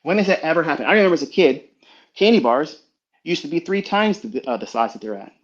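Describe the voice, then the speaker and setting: A man's voice: fairly high pitch, lively intonation, quick pace. A middle-aged man giving a blunt, profane motivational lecture full of rhetorical questions, on a dull recording. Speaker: trading mentor. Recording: dull lo-fi sound.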